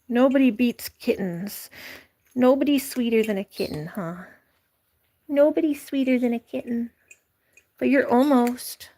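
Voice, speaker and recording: A woman with a fairly high voice chats casually to the camera while caring for her animals. She giggles often and coos at her pets. Her talk is loose and chatty. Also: darkish tone. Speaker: vlogger caring for farm animals.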